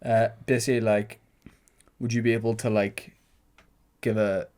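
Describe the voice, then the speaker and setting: A man's voice: on the low side, flat delivery, normal speed, a little mellow. A man, co-hosting a podcast with dry, teasing asides. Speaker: podcast co-host. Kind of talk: casual banter.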